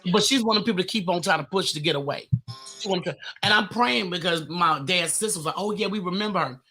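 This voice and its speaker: A woman on a casual podcast who talks bluntly, swears a lot and breaks into loud laughter. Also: fairly low pitch, fast talker, faint music behind.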